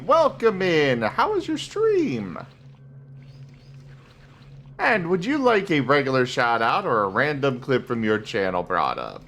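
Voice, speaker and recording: A man hosting a casual gameplay livestream, chatting and thanking viewers with frequent filler pauses. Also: mid-range voice, huge pitch swings, a bit bright, faint music behind. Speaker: livestream host.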